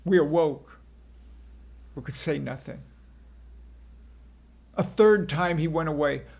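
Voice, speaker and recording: A man tells a scripture story in the first person, slow and earnest with a dramatic lilt. His voice is gravelly and husky, sitting a bit higher than most men's. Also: a little mellow. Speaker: narrator.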